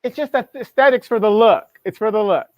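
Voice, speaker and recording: A man co-hosting a livestream, laying out political points in a steady, argumentative way. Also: sits high, brisk, no echo, highs cut off. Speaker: co-host. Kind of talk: casual chat.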